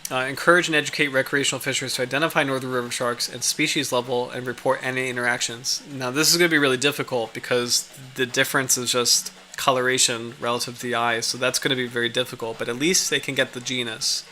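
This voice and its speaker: A man's voice: medium pitch, fairly even intonation, quick pace, few pauses, sharp tone. A man hosting a casual livestream, reading out a study and chatting with viewers, with many fillers and restarts. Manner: rambling, reads out study, chats with viewers. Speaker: livestream host.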